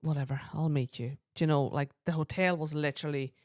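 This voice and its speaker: A woman's voice: sits low, fairly quick, dry recording, clean studio sound. A woman, co-hosting a podcast and telling a long personal story in casual chat, acting out the voices of the people in it. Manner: chatty, quotes people in lively voices, frequent throat clearing. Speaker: podcast co-host.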